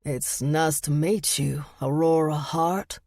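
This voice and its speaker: A woman voicing a charming, flirty southern gentleman with a deep voice and a slow, teasing drawl. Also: fairly even intonation, heavily acted. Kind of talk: audiobook narration.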